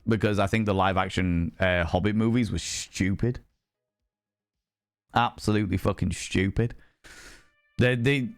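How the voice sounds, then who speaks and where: A man casually chatting on a live stream, reading chat aloud, swearing freely and slipping into cheeky put-on voices. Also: medium pitch.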